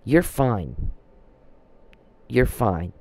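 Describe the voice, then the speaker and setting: A man with a gravelly voice voicing a calm, reassuring man from his dream while recounting it. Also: medium pitch, extremely slow, dry recording, full character voice.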